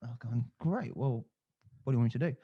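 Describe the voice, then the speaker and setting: A man's voice: medium pitch, little pitch movement, quick pace, slightly rough, dull audio. A man in his twenties, a podcast guest, telling a story with crude humor and acting out the other voices. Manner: candid, crude humor, acts out quoted voices. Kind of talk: casual storytelling.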